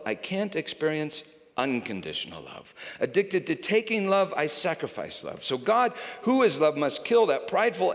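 A man preaching a sermon with passion, dropping to a hush and then rising to a shout. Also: a little high. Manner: impassioned, swinging from hushed to shouting. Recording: reverberant hall.

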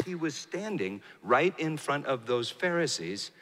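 A man preaching a sermon, telling a story with emphatic rises and hushed, slow passages. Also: very animated, a little hiss or hum. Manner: storytelling, swinging from raised emphatic bursts to hushed, low, slow delivery. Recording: hall reverb.

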